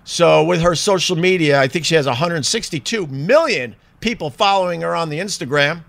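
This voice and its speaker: A man's voice: a little high, expressive, brisk, vocal fry, fairly bright tone. A man in a rambling, chatty commentary full of fillers. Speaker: vlogger. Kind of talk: casual commentary.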